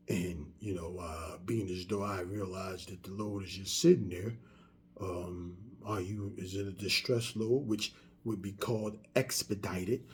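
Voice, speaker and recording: Husky man in his fifties, storytelling. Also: deep voice, fairly even intonation, measured pace, darkish tone. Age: 50s. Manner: conversational storytelling, repetitive restarts. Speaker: vlogger. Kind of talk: casual motivational monologue.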